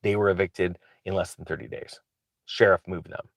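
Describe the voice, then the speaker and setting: A low-pitched man talks to camera like a channel host, eager and rambling, often stopping to restart his sentences. The sound is close and dry, with no room echo. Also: fairly even intonation, moderate pace, vocal fry. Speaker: real estate investor and channel host. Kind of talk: casual talk to camera.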